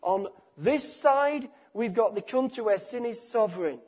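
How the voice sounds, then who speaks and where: A man. He stresses points with repetition and lets sentences trail off softly. His delivery is emphatic and direct. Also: high voice, lively intonation, a little slow, husky. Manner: emphatic, repeats phrases, drops to quiet endings. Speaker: preacher. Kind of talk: sermon.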